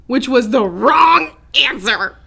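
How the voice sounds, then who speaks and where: A woman's voice: a little high, animated, slow pace, creaky, pushed and bright, husky. A woman co-hosting a podcast, telling stories in a giggly, rambling casual chat. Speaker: podcast co-host.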